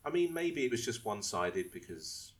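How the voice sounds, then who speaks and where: A man's voice: mid-range voice, very animated, moderate pace. A man co-hosting a casual football podcast, rambling, restarting his questions and explaining things at length. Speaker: podcast co-host.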